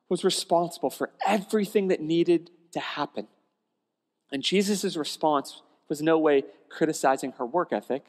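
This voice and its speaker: A male pastor preaching a sermon in a conversational, animated storytelling way, often restarting phrases, in a church sanctuary. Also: on the high side. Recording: long church hall reverb.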